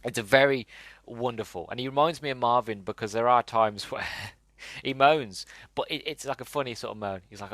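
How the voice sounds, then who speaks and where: A man's voice: mid-range voice, a little fast, pushed and bright, dry recording. A man hosting a podcast, giving a casual and enthusiastic movie review, rambling with many fillers and restarts. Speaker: podcast host.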